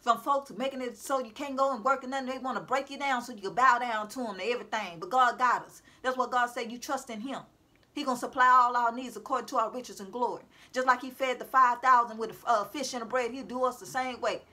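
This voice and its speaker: High bright-voiced woman preaching to viewers. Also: steady tone, fast. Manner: preachy, repetitive, calls out to her audience. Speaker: self-styled prophetic speaker. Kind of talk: informal religious exhortation to viewers. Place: at home.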